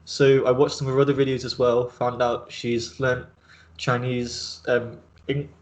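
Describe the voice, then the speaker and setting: Male host, mid-pitched, casual and rambling, lots of "like" and "um". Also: flat delivery, measured pace. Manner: rambling, many fillers and restarts. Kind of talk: casual video chat interview.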